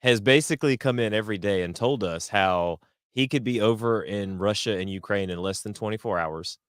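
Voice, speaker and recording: A man co-hosting a podcast who tells stories casually, rambling through fillers and breaking into laughter. His voice sits fairly low. The sound is dry and close. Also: brisk, smooth, dry recording. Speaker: podcast co-host. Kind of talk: casual chat.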